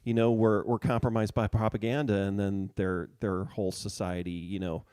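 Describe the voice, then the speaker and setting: A man's voice: lowish voice, level tone, moderate pace, dark tone, clean tone, no room sound, studio quality. A man co-hosting a casual political chat, rambling and hesitant as he searches for words. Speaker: podcast co-host.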